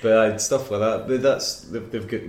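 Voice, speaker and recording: A man's voice: fairly low pitch, steady tone, normal speed. A man with a Scottish accent, chatting as a musician guest in an interview, rambling and laughing often as he tells stories. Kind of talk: casual interview chat. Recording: roomy echo.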